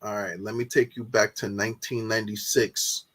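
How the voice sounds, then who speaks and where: A man co-hosting a casual wrestling podcast, excitable, swearing freely and stumbling over repeated words when worked up. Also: fairly low pitch, normal speed. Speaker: podcast co-host.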